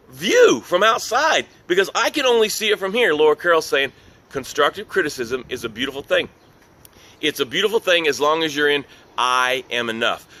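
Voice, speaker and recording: Bright, emphatic middle-aged man coaching. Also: medium pitch. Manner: earnest and emphatic, repeats key phrases. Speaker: business coach. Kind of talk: motivational talk.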